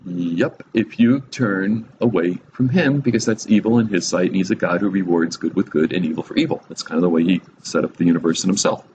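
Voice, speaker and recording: A man's voice: sits low, fairly quick, few pauses, a little mellow, lo-fi sound, a little hiss or hum. Chuckling man teaching the Bible. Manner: chuckles often, humorous asides; asks listeners direct questions.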